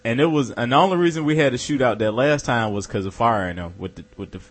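A man's voice: mid-range voice, fast. A young man in casual chat who chimes in briefly and easily. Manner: easygoing, chimes in briefly, laughs along.

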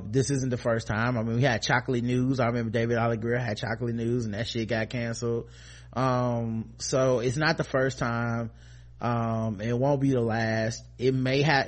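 A man co-hosting a podcast, with a voice of middling pitch that talks loosely and openly. He swears freely and sometimes punches up his points hard. Fillers and small restarts run through his talk. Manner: animated, profane, rising to emphatic outbursts. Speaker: podcast co-host. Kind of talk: casual commentary chat.

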